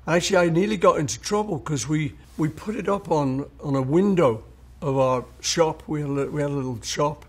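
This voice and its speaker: An older songwriter recalls his songs in a storytelling interview, speaking fairly quickly in a fairly high, breathy voice. He tells anecdotes and acts out what people said to him.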